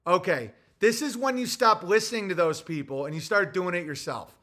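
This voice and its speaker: A man's voice: high voice, moderate pace, a bit bright. A male comedian delivering a heated, blunt and sarcastic ranting monologue.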